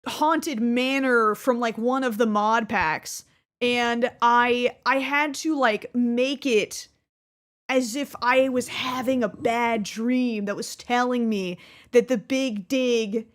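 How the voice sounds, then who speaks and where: A woman, chatting casually and mocking herself as a gaming creator looking back on her early videos. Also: fairly high pitch. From Texas. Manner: chatty, many fillers and quick self-mocking asides. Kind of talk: casual reflective chat.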